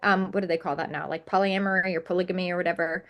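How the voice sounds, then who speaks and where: A woman's voice: fairly low pitch, steady tone, racing. A woman talking as a podcast guest in a candid interview, earnest and emphatic, piling up repetitions.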